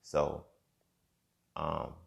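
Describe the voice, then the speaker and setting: A young man hosting a podcast, talking in a reflective casual monologue and often checking in with "you feel me". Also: drawn-out words. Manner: conversational, repeats himself, frequent "you feel me". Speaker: podcast host.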